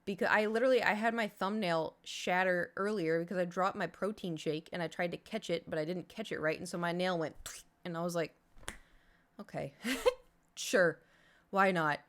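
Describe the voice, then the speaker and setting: A woman's voice: on the low side, fairly even intonation, brisk. A woman streamer casually telling her chat a long story, acting out her own reactions along the way.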